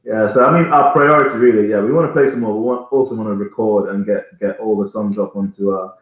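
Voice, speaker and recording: As a guest in a relaxed interview, a band singer from Jamaica in his thirties talks fast, rambling while he searches for the right words. His voice is on the low side with fairly even intonation, and the room echoes heavily.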